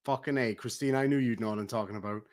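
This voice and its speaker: A middle-aged Irish man ranting on a livestream, profane and taunting, swinging between loud outbursts and low mutters. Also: fast talker. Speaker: streamer. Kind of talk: heated livestream rant.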